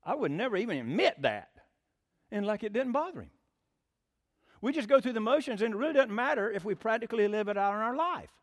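A man's voice: sits high, big pitch swings, fairly quick. A man preaching a sermon in a folksy, plainspoken storytelling way. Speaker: pastor.

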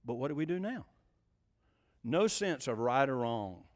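A man's voice: medium pitch, sing-song, unhurried. An older man preaching a sermon in a folksy way, often asking the congregation questions.

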